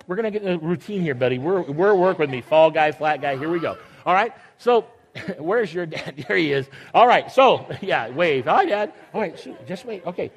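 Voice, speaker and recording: High-voiced older man, playful with kids. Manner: playful and teasing with children. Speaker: children's sermon leader. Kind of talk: children's sermon with picture book reading.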